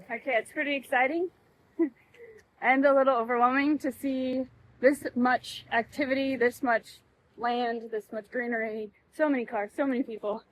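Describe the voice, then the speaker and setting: A woman's voice: sits high, steady tone, moderate pace, rough recording. A woman hosting a sailing vlog, chatting casually on location outdoors and laughing easily. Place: outdoors in a humid town.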